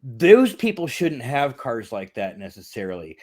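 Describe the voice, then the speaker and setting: Lively, rambling man with a swooping voice. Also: moderate pace. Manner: rambling, laughs often, swings pitch widely. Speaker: movie review podcast co-host. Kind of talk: casual profane movie review chat.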